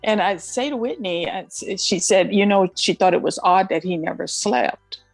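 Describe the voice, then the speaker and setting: A woman, the mother of the subject, being interviewed and slowly recounting a conversation in a casual way. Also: medium pitch, creaky, dry recording, faint music behind.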